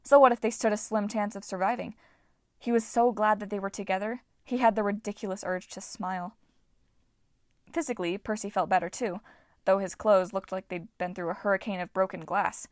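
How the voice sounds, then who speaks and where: A woman's voice: mid-range voice, fairly even intonation, brisk, darkish tone, no echo, studio quality. A woman narrating an audiobook expressively, giving each character a voice.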